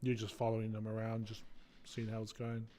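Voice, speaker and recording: A man's voice: lowish voice, monotone, brisk, dark tone, a little hiss or hum. A man narrating a tabletop game as game master, laid-back and chuckling.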